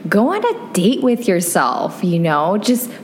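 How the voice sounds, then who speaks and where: A woman's voice: medium pitch, measured pace, a little hiss or hum. A young woman co-hosting a casual podcast, chatting openly and laughing often at herself. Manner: laughs often, animated, self-deprecating. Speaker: podcast co-host.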